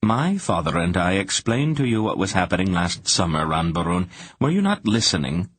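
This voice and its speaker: A man reading the lines of a calm, wise sorceress in a measured way in an audiobook. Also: sits low, husky, dry recording, full character voice.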